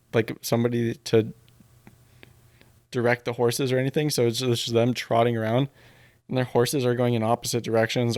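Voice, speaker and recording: A man's voice: medium pitch, dry recording. Man, podcast host, casual recap, loose and rambling, lots of fillers, dry close mic. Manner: rambling, filler-heavy storytelling.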